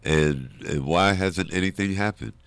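A man with a strikingly low voice, speaking as an interview guest. He tells a personal story with feeling, slipping into the voices of the people he quotes. The sound is dry and close, with no room around it. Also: a little slow, clean tone, dry recording. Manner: animated storyteller who acts out quoted voices.

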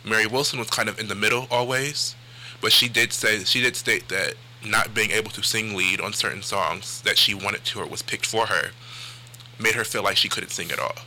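Male radio guest, low pitch, hesitant with fillers, faint noise. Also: normal speed, pushed and bright, rough recording. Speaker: music historian guest. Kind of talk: radio interview answers. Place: radio studio.

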